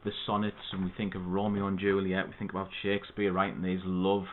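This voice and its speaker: A man tutoring students through a poem, explaining it in a steady, methodical way. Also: deep voice, fast, a little hiss or hum. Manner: steady, methodical teaching with spoken asides. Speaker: English literature tutor. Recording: tinny phone-like audio.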